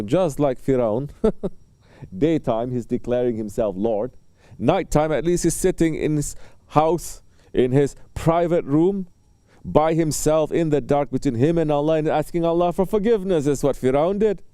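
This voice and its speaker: A man preaching in a very dark, mellow voice, taking his time with pauses and soft fillers between phrases. He tells little stories and briefly plays the people in them as he teaches. The sound is close and dry, with no room echo. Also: a little high, smooth. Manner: storytelling, acting out short exchanges between people. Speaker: Sufi religious teacher. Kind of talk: sermon.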